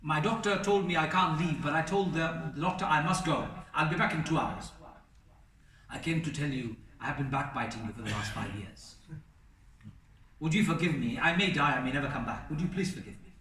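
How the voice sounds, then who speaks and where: A man delivers an earnest sermon, his somewhat high voice carrying through a roomy mosque hall. He stands back from the microphone and builds his points in emphatic lists. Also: moderate pace, long pauses, fairly bright tone, distant mic, a little hiss or hum. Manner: earnest, emphatic lists, sprinkled Arabic phrases. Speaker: preacher.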